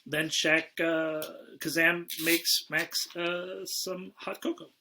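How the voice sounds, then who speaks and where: Man, bright tone, slightly high pitch, rambling, casual podcast chat. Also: little pitch movement, slow. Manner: rambling, restarts often, trails off quietly. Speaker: podcast co-host.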